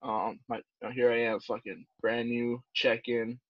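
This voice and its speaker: Husky rambling man, dull dry sound. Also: mid-range voice, little pitch movement, measured pace, no room sound. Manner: rambling, many fillers and swears, says dude and bro. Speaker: podcast co-host, Navy corpsman. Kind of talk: casual profane storytelling chat. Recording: dull, dry podcast recording.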